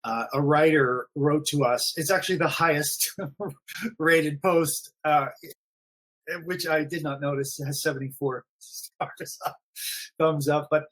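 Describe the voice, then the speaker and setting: A man's voice: fairly high pitch, fairly even intonation, slow, pauses often, fairly bright tone. A man talking casually on a live stream, rambling and repeating himself with many fillers. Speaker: forum admin guest.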